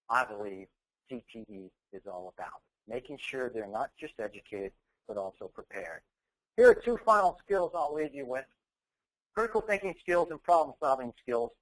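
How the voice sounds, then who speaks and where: A man's voice: mid-range voice, animated, moderate pace, fairly bright tone, low-quality recording. Man telling a story from a stage. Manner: storytelling with emphatic, rising quoted dialogue. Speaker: keynote speaker. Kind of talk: motivational speech.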